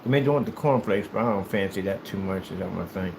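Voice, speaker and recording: A man from the United States chatting casually while he plays, telling rambling, animated stories in a hyperactive way. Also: low voice, quick pace, gravelly, background noise. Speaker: gaming streamer. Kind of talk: casual chat while playing.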